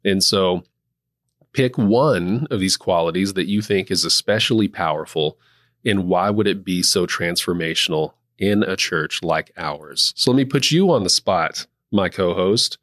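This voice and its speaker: A man hosting a casual Bible study discussion in a measured way, asking questions and affirming his co-host. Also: deep voice, no room sound, studio quality. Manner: measured, reads scripture aloud and asks questions, gentle affirming fillers. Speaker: church host.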